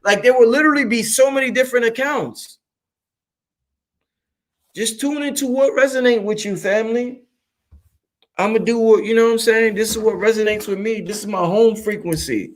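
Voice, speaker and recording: Excitable high-voiced man hosting a show. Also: moderate pace, long pauses. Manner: loud, excitable, swings high and low, laughs often, swears freely. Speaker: show host. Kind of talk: animated livestream monologue.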